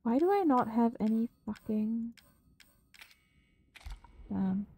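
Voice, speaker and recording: A woman's voice: a little high, animated, takes it slowly, mellow, breathy edge, low-quality recording. A woman live-streaming a horror game, chatting with viewers, swearing freely and shrieking at scares.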